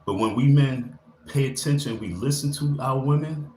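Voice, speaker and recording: A man's voice: mid-range voice, moderate pace, a little mellow. Rambling man streaming live in an echoey room. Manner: rambling, pep-talk delivery with loose slang. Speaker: livestreamer. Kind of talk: casual motivational live stream. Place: indoor room. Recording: echoey room with faint ambient noise.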